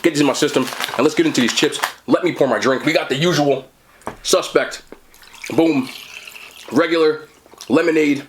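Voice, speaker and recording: Addressing viewers directly, a thirty-something mukbang host eats and chats casually to camera in an upbeat way. His voice is a little high, and the audio carries a slight hiss or hum.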